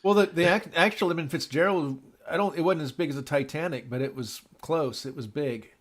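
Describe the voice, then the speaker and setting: A man co-hosting a casual group chat, telling rambling, halting stories. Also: fairly high pitch, a bit bright. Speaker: podcast co-host.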